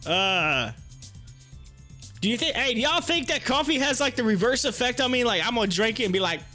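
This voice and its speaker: A man hosting a live stock-market stream, chatting excitably with his viewers and reading their comments aloud. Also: very high voice, fairly quick, soft background music.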